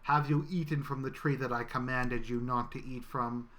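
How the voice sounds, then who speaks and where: A man voicing a pompous, wrathful male bureaucrat god who booms grandiose proclamations. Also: fairly even intonation, normal speed, a bit bright, lightly acted.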